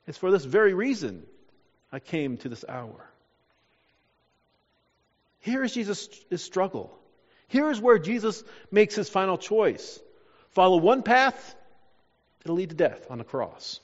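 A man preaches a sermon with a high, lively voice that leaps up and drops low as he acts out quoted voices. His words ring out with a long hall reverb, and the recording sounds dull and muffled. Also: unhurried, pauses often. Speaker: pastor.

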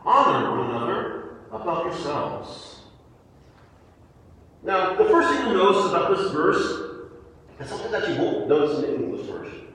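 A high-voiced male preacher teaches with a lively, swooping delivery, restarting and repeating words as he explains. He is heard from a distance in a large church hall with a long, roomy echo. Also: moderate pace, long pauses. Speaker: pastor. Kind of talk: sermon. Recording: echoey hall, voice from far off the mic.

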